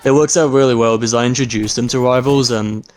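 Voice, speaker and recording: A man's voice: mid-range voice, steady tone, fast talker, faint music behind. A man being coached on his gameplay, talking casually and agreeably with lots of filler words. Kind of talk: casual chat.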